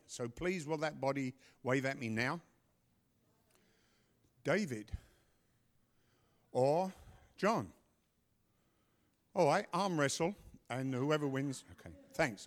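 A middle-aged man telling a story and giving announcements at a church service, animated, with loud bursts. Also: on the high side. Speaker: pastor.

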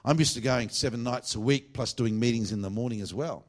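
Fervent revivalist preacher man. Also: fairly quick. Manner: swings between loud fervent bursts and low confiding asides. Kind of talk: sermon. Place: church meeting.

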